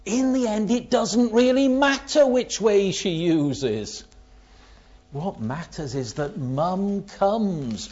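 A man's voice: sits high, animated, takes it slowly, darkish tone. A man preaching a sermon, asking rhetorical questions and telling illustrative stories, in a dull lo-fi recording.

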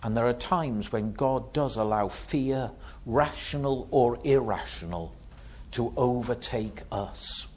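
Male preacher, sermon, dramatic hush-to-loud delivery, husky, dull lo-fi recording. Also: medium pitch, slow. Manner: dramatic, swings from hushed to loud.

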